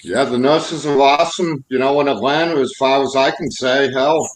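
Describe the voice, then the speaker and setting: A man's voice: mid-range voice, normal speed, a little hiss or hum. Laid-back swearing man, roomy sound. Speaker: veteran caller. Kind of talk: casual chat.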